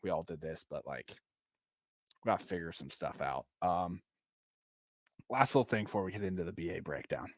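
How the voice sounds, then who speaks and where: A man's voice: low-pitched, moderate pace, long pauses, dry recording. A man in his twenties hosting a solo sports podcast, venting with frustration and emphatic bursts. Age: 20s. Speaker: podcast host and football coach.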